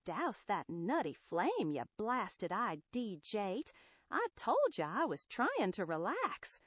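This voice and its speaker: A synthetic-sounding woman voicing a gruff, grumpy male strongman with slangy, clipped speech. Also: mid-range voice, huge pitch swings, takes it slowly, no room sound, heavily acted. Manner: slangy, grumbling, dropped g's.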